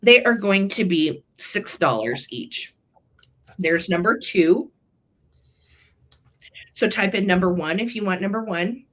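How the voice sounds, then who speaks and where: A woman's voice: mid-range voice, lively intonation, takes it slowly, long pauses, fairly bright tone. A woman co-hosting a live vintage sale, chatting sweetly and gushing over the items. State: throat tickle, clearing throat. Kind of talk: live selling chat.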